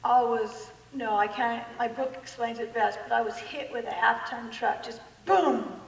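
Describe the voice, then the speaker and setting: High-voiced woman, echoey church hall. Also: normal speed, creaky, distant mic. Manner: animated, self-mocking humor, acts out quotes. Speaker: guest speaker. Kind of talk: personal testimony talk. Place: large church hall with an audience. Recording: echoey hall recorded from afar.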